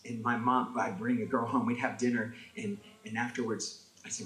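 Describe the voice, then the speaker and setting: A man from an Italian-American family telling comic stories in an animated way, acting out voices as he goes. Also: mid-range voice, normal speed, reverberant, faint music behind, rough recording. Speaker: storyteller. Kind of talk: comic storytelling.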